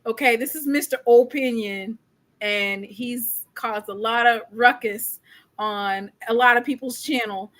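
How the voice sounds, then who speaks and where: A woman hosts a casual live-stream show, talking straight to her viewers in the chat. Her voice sits a little high, and her tone is bright and sharp. She keeps the talk loose and chatty. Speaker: show host.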